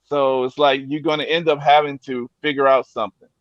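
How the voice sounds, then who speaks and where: Spokojny mężczyzna, głuchy suchy dźwięk. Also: male voice, medium pitch, flat delivery, a little fast, no room sound, lo-fi sound. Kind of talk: casual panel chat.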